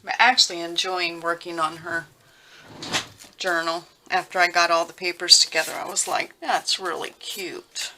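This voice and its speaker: A woman talking casually while she works on a craft project at home, rambling and thinking out loud with lots of fillers. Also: fairly low pitch, flat delivery, moderate pace. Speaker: crafting vlogger. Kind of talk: casual craft tutorial chat. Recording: noisy with clicking sounds.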